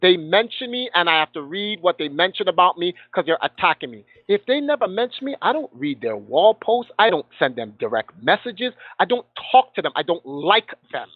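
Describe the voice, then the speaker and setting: A man's voice: high-pitched, sing-song, normal speed, few pauses, no echo. A man guest telling a heated story with passion, acting out the voices of people he quotes. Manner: passionate, acts out quoted dialogue. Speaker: guest gamer. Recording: tinny phone line.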